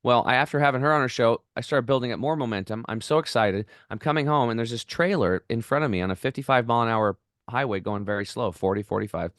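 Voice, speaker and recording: A middle-aged man, a podcast guest, telling stories in an excited, rambling way and acting out the voices of the people in them. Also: mid-range voice, fast, no room sound, studio quality. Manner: enthusiastic, rambling, acts out quoted voices. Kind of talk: excited storytelling interview.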